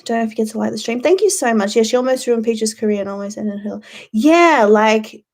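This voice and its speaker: A woman's voice: fairly high pitch, brisk, darkish tone. A woman hosting a casual livestream, rambling, swearing freely and answering chat. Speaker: YouTube livestream host.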